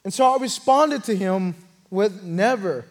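High-voiced man preaching his testimony. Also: expressive, normal speed. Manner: earnest, storytelling, swells louder at key moments. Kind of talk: sermon testimony.

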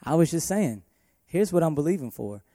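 Preaching man, warm dry voice. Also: on the high side, sing-song, normal speed, no room sound. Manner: emphatic preaching with shifting loudness. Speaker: worship pastor. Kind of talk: sermon.

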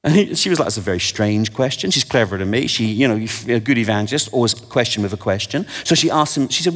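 A man preaching a sermon, telling stories with animated energy and self-deprecating asides. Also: medium pitch, fast, few pauses. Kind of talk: sermon with anecdotes. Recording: long hall reverb.

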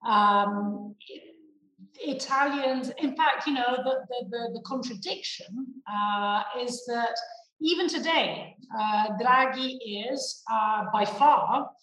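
A woman guest answering interview questions in a measured way with many hesitations. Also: on the high side, fairly bright tone. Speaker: guest analyst. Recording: roomy, distant microphone.

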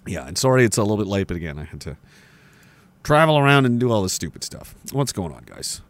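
With a lowish voice and quick delivery, this Canadian livestream host rants sarcastically, curses freely, and laughs between his remarks. His pitch swings a lot, there's no echo, and he's indoors next to a woodpile, offering loose, casual commentary.

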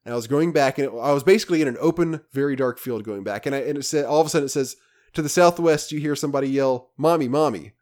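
A man co-hosting a casual podcast, telling a rambling, animated story about a video game with many restarts. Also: medium pitch, racing. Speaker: podcast co-host.

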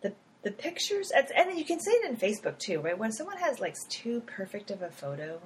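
A woman talking casually in an interview, with a lively, swooping pitch. She is animated, laughs often and acts out little quotes, with plenty of fillers and restarts. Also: brisk, a little hiss or hum, poor audio. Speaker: app founder.

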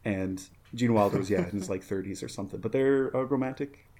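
Slightly tipsy from a drink, a man co-hosting a casual movie-watching podcast rambles and laughs a lot, quoting film lines along the way. His voice is lowish and mellow, and he speaks fairly quickly.

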